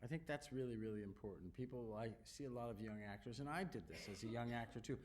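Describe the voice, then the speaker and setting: A middle-aged man, an actor, answering audience questions on stage with animated, self-deprecating storytelling. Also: medium pitch, fast. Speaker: actor at festival Q&A. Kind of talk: onstage Q&A answers.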